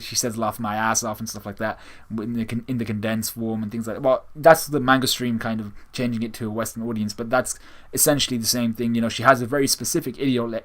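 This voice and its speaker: Male manga reviewer, casual and animated, restarts a lot, middle-pitched voice. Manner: animated, acts out quotes with laughs and slang; frequent restarts and swearing.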